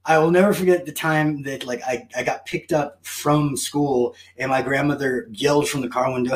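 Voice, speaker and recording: Man, casual guest, tells stories with animated self-mocking energy. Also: medium pitch, normal speed, hardly any pauses. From United States. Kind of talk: casual chat.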